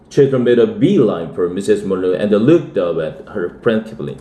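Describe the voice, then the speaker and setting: A man from South Korea, an English teacher, reading a children's novel aloud in a steady way. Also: lowish voice, moderate pace, reverberant. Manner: steady read-aloud with lively dialogue.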